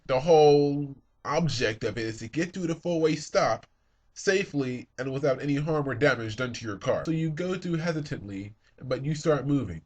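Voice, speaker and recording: A young man in a casual comedic monologue, acting out both sides of his own exchanges in raised voices. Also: mid-range voice. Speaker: vlogger.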